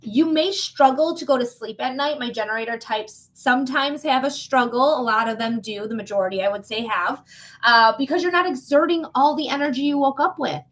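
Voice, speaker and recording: High-voiced woman giving a casual psychic reading. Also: fairly quick, fairly bright tone. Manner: casual, blunt and swearing, talks straight to the viewer. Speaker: psychic reader. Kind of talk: live reading on a stream.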